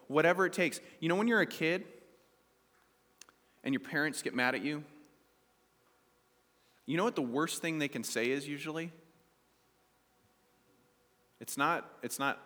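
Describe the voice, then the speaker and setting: A man's voice: on the high side, lively intonation, moderate pace, pauses often, bright, forceful tone, in a large hall. A male pastor preaching a sermon to his congregation, asking them questions as he goes and reading scripture aloud.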